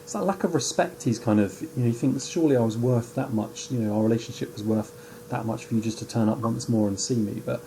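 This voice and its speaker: A man's voice: mid-range voice, quick pace, dark tone, a little hiss or hum. A man discussing a poem in a chatty way, with many fillers and tag questions. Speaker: teacher. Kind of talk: poetry analysis discussion.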